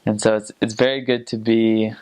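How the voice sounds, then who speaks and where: A man's voice: lowish voice, level tone, normal speed, a little mellow, smooth. Chatty young man, laughs between stories. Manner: chatty, laughs often, many fillers and restarts. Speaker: returned missionary. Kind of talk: casual storytelling.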